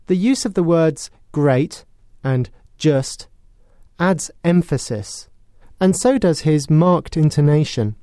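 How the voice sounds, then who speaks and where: A British man narrates a radio English lesson in a clear, careful, explanatory way. His voice is fairly high for a man, yet mellow and warm. The sound is close and dry, like a studio. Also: lively intonation, no room sound. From Britain. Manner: clear, measured, explanatory, with acted sarcastic example lines. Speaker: English teacher presenting a lesson. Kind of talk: scripted educational narration.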